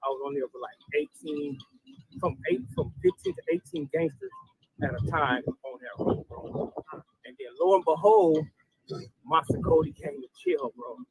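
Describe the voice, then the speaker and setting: A man with a high, gravelly and husky voice tells a rambling story in a casual interview. His pitch swings wildly from line to line as he acts out what everyone said. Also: moderate pace, a little hiss or hum, low-quality recording. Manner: rambling, animated retelling with quoted dialogue. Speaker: guest telling a jail story.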